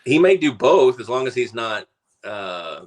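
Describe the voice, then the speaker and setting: A man's voice: medium pitch, unhurried. A man co-hosting a sports talk show, chatting casually and rambling with plenty of fillers. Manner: relaxed, rambling, frequent "uh" and "so". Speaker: radio show co-host.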